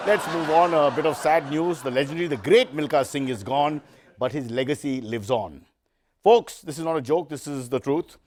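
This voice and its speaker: Male satirical host, fairly high voice, sarcastic and rambling. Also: moderate pace, darkish tone. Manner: sarcastic, self-mocking, rambling asides. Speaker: comedy show host. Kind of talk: satirical news comedy.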